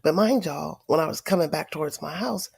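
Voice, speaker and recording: Middle-aged granny on a livestream, sick and wheezy, cussing her way through a story for the viewers, gravelly voice. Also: low-pitched, brisk, a little mellow. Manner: profane, emphatic, addresses viewers directly. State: tired. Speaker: livestream host.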